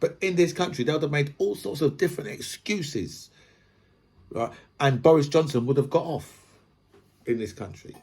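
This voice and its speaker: Husky-voiced podcast host, raised pitch, profane opinion rant. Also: male voice, normal speed, a little mellow. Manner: swears freely, builds long analogies, repeats "right?".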